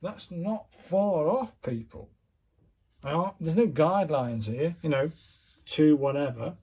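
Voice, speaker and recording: A man's voice: on the high side, expressive, slow pace, warm tone, slightly rough. A man casually demonstrating his work step by step, chatty and self-critical as he narrates each move. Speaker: calligraphy hobbyist demonstrating.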